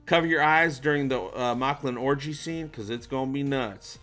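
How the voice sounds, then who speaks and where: A man chats through his livestream at an ordinary middle pitch, reading viewer names and joking along. He sounds animated and playful. Faint music runs underneath. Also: normal speed. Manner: animated, jokey, shout-outs to viewers. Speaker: livestream host. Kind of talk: casual livestream chat reading comments.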